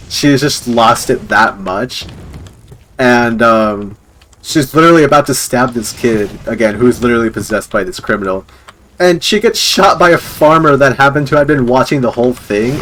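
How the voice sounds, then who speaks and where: A man's voice: mid-range voice, fairly bright tone. Rambling casual male streamer. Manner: rambling, full of "like" and chuckles.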